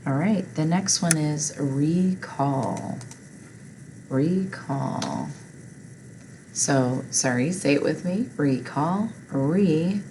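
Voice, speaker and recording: A woman's voice: low voice, mellow, a little hiss or hum, rough recording. A woman teaching a phonics lesson, patiently reading word lists and spelling words out, asking listeners to repeat after her.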